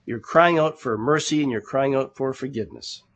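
Speaking at an ordinary pace in a mid-range, fairly bright voice, a male pastor delivers an earnest, conversational sermon. "Brethren" is how he addresses his listeners, and he frequently repeats words as he searches for what comes next.

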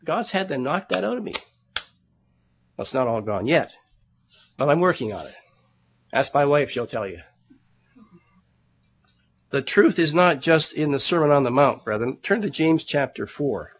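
A man's voice: a little high, big pitch swings, measured pace, pauses often, breathy edge. A male pastor delivering a sermon, with a voice sitting a little above the usual range for a man. He talks to the congregation in a plain, earnest, conversational way, calls them brethren, and often doubles back on a word before moving on. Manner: repeats words as he searches for them.

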